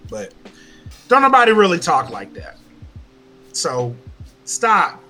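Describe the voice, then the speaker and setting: A man with a Louisiana accent rants on a casual podcast, cussing hard and repeating himself for emphasis. His voice sits a bit high and sounds bright and forceful. It swings widely in pitch as he talks. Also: huge pitch swings, slow pace, soft background music. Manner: profane, emphatic ranting with many repeats. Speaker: podcast co-host.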